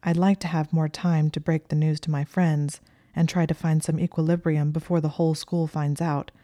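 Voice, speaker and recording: A woman reading the part of a nervous young woman student who sounds flustered and strained, in a low, mellow, dry voice. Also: flat delivery, normal speed, no echo, natural voice. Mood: anxious, pleading. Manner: flustered, strained and shrill at times.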